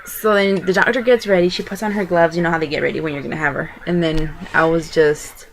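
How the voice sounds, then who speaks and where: A woman's voice: on the low side, fairly even intonation, fast talker, a little hiss or hum. A young woman vlogger casually telling a personal story, rambling and chatty with lots of fillers and restarts.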